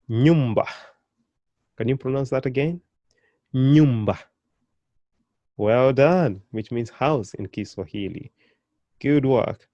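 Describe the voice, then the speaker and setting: Encouraging man teaching slowly. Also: dry recording. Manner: encouraging, repeats words slowly for learners to copy; animated, with sudden jumps in pitch and volume. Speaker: language teacher. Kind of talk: beginner language lesson.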